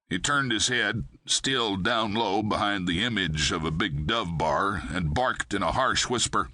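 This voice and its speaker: A man narrates a crime thriller in a steady, measured way. His voice is low but bright and forceful. It is recorded close on a studio mic, with no room echo. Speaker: audiobook narrator.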